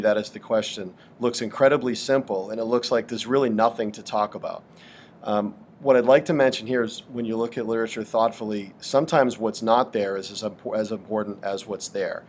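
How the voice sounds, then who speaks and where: Low-voiced man explaining literature. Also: a little hiss or hum. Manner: thoughtful, hesitant with many ums. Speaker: literature teacher. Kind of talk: explanatory lesson.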